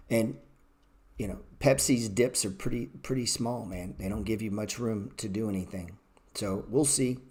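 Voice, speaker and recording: Profane, blunt man teaching trading live. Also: on the low side. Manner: profane, blunt, ranting asides to chat. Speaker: trading educator. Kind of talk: live-streamed market class.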